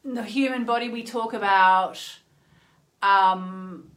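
A woman's voice: medium pitch, steady tone, slow pace, fairly bright tone. A woman chatting earnestly into her phone as the host of an astrology livestream, with many "you know" asides. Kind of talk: casual livestream chat.

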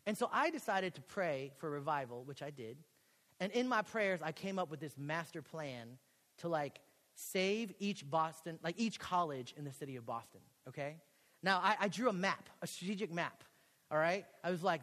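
A young man from Texas, a pastor preaching a sermon in a college chapel, telling a story and acting out the dialogue with lively, casual energy. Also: high voice, fairly quick. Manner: animated storytelling, acts out quoted dialogue. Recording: long hall reverb.

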